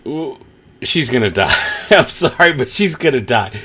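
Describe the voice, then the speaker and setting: A man hosting a live watch-along stream, reacting with excitement, gasps and laughter. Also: mid-range voice, a little slow, husky. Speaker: livestream host.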